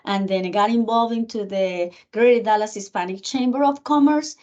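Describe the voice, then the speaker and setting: A middle-aged woman with a Spanish accent, a guest in an interview, telling her story in an earnest, animated way. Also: medium pitch, normal speed. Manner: earnest, animated, acts out remembered dialogue. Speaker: guest speaker, county commissioner. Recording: muffled lo-fi recording.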